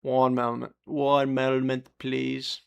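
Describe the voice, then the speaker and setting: Young male streamer, mid-pitched, loose and profane, chatting to chat mid-task, voice drifting off-mic. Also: monotone, slow, vocal fry, clean tone, dull audio. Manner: rambling, profane, laughing at himself; talks to chat while working, often turned away from the mic. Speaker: livestreamer. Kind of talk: casual live-stream chat while soldering.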